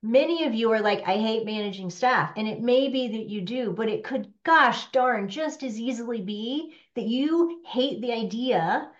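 A woman business coach talking to a workshop room, animated and conversational, often checking in with "right?". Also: on the high side, moderate pace, few pauses, dull audio.

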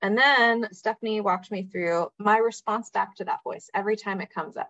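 A woman's voice: medium pitch, normal speed, a bit bright, dry recording. A woman leads a group coaching call, guiding a participant with direct, encouraging prompts. Her voice is dry and close, with dull, slightly muffled call audio. Her delivery stays practical and supportive.

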